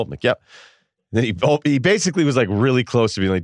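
A man's voice: lowish voice, quick pace, dry recording, studio quality. A man hosting a podcast, telling a story casually, laughing and quoting people as he goes. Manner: animated, laughing, quotes people in voices. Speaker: podcast host.

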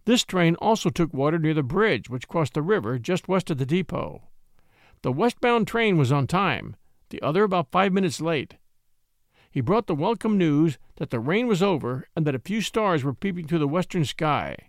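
A male narrator reading an old-fashioned tale with plenty of expression. His voice sits somewhat high and moves animatedly up and down the scale. The sound is close and completely dry. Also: no echo. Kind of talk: scripted story narration.

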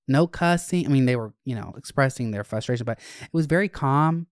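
A young adult podcast host telling stories in a casual, animated, profane way. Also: medium pitch, fairly quick, dry recording, clean studio sound. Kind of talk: casual chat.

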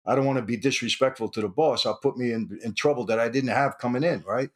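An older man, an interview guest telling his story in an animated way and acting out the dialogue. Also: medium pitch, fast talker. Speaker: interview guest, former mobster.

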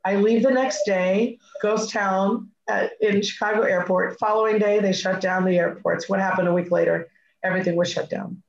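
A middle-aged woman recounting a story with energy, slipping into quoted dialogue as she goes. Her voice sits at an ordinary pitch and sounds a little dull, as if recorded with limited fidelity. The room around her adds a noticeable echo. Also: normal speed, creaky. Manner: animated, acts out her own past dialogue. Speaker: guest speaker. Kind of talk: personal storytelling. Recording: echoey, slightly muffled recording.

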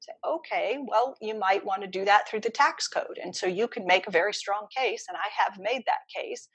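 A woman guest on an economics interview, laying out her case in an emphatic, explanatory way. Her voice sits at a middle pitch with a slightly husky edge. She repeats her key points with conviction. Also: normal speed, no room sound, rough recording. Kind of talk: interview answers.

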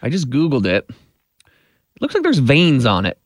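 A man co-hosting morning radio, dropping wry deadpan quips in casual banter. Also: medium pitch, moderate pace. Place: radio studio.

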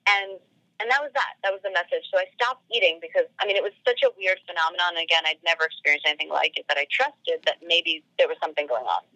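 A woman's voice: lowish voice, fast, bright, forceful tone, dry recording, poor audio. A woman guest on a podcast telling a personal story casually, full of "like" fillers and acted-out quoted dialogue.

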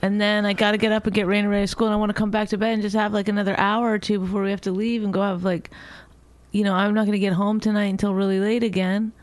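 Woman, middle-aged, bickering podcast chat, mid pitch, dry close mic. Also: quick pace, no echo. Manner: exaggerating, teasing, animated retelling. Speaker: podcast co-host.

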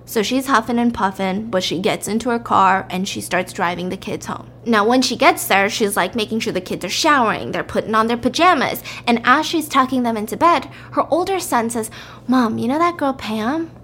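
A woman casually telling a story in a chatty, lively way. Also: on the high side, brisk, hardly any pauses, a little hiss or hum. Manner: chatty, lively, jumps into character voices.

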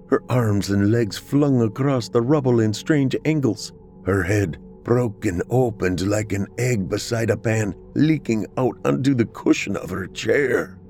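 A man narrating a dramatic story in the first person, with expressive, emotional delivery. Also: lowish voice.

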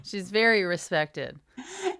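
Teasing woman with a lively voice. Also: mid-range voice, slow. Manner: dry teasing remarks. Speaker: podcast co-host. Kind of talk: casual chat.

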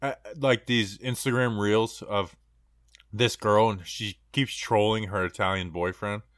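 A man co-hosting a casual podcast, telling stories slowly with plenty of fillers. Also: lowish voice, steady tone, a bit bright, no echo, studio quality. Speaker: podcast co-host. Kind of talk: casual chat.

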